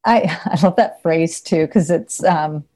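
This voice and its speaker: A woman's voice: low voice, a little slow, mellow. A woman who is a therapist, talking casually in an interview, chatty with frequent laughter and lots of fillers. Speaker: therapist, podcast guest.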